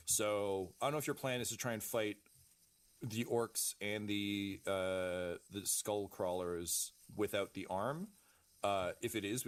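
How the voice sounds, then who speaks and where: A low-voiced man narrates a tabletop game as game master. He fills his descriptions with ums and uhs as he thinks on the fly. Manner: hesitant, many ums and uhs.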